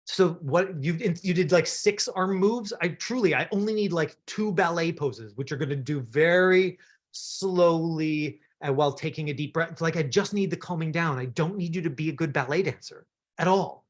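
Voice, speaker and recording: Running an acting workshop, a man from Canada talks actors through their self-tapes at a moderate pace in a fairly high voice. His coaching is friendly and encouraging, sprinkled with lots of fillers.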